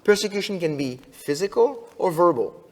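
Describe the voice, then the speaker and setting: Male conference speaker in a church, animated storyteller, slightly high voice, long hall reverb. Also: moderate pace. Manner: animated storyteller, frequent restarts, asks audience questions. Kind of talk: sermon-style conference talk. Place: church sanctuary.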